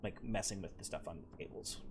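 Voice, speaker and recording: A man's voice: low voice, fast talker, a little hiss or hum. Rambling male game master. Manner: rambling, many fillers. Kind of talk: narrating a tabletop game.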